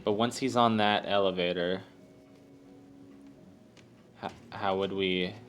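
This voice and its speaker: Low-ish guy talking slow thru a puzzle game, rambly and self-deprecating, soft game music under him. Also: steady tone. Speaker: let's play host. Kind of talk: casual gameplay commentary. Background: faint game music.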